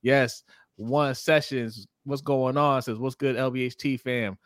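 A man's voice: mid-range voice, a little slow, dry recording. A man co-hosting a sports livestream, reading viewer comments aloud and greeting each one by name, with frequent laughs. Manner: animated, greets chat by name, laughs often.

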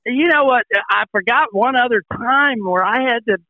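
An older man and former tour pro, a show regular, telling a folksy, animated story in casual chat. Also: very high-pitched, normal speed, dry recording. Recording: tinny phone line.

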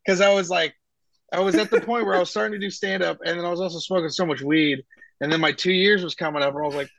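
Higher-voiced man telling loose stoner stories. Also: steady tone, fast, vocal fry, fairly bright tone, no room sound. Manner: rambling anecdotes with acted-out quotes. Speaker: comedian guest. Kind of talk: casual podcast chat.

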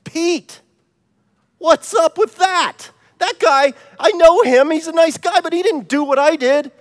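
A man's voice: very high-pitched, moderate pace, voice pushed up. A man voicing an eager, anxious pastor who boasts of his good works in a sermon joke. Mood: boastful, indignant. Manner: earnest, excitable, boastful. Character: eager, anxious male pastor at heaven's gates. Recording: long church reverb.

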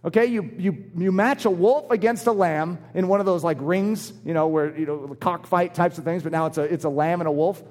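A man's voice: a little high, a little fast, few pauses. A man preaching a sermon, acting out short voices in his illustrations. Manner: animated, acts out little voices in his illustrations. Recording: long hall reverb.

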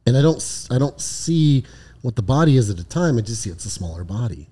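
Podcast co-host, male, ex-patrol officer; warm, low-edged tone, casual storytelling, swears a lot. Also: very animated, fairly quick, slightly rough. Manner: profane, frequent "right?" tag questions. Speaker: podcast co-host, former highway patrol lieutenant.

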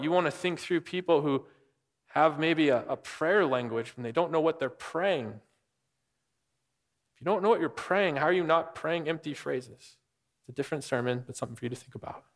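A man preaching a conversational sermon, explaining scripture and asking the listeners questions. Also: on the high side. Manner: conversational, asks the room questions. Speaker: pastor. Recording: long hall reverb.

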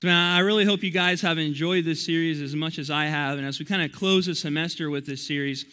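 Bright-voiced, energetic young man preaching. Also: fairly high pitch, fast. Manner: energetic and chatty, with frequent restarts. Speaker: youth pastor. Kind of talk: youth sermon with storytelling. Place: church youth service.

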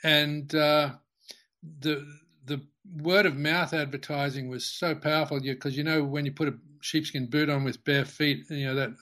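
An older man, a company founder, tells a long anecdote in an interview, halting with many restarts and fillers. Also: fairly high pitch, fairly even intonation, a bit bright.

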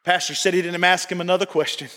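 A middle-aged man preaching a sermon, emphatic and repetitive, at times shouting his points. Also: sits high, little pitch movement, fast talker. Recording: long reverb of a large church hall.

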